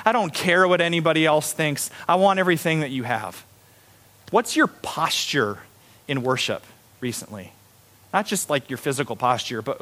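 Man, middle-aged, pastor, sermon, animated, high-pitched voice. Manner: animated, acts out voices of kids and students.

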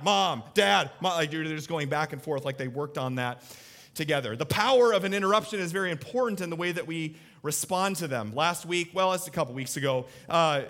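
A pastor in his thirties preaches to a live church audience in a conversational style, asking listeners questions and sharing stories about his family. His voice is fairly high-pitched and a bit bright.

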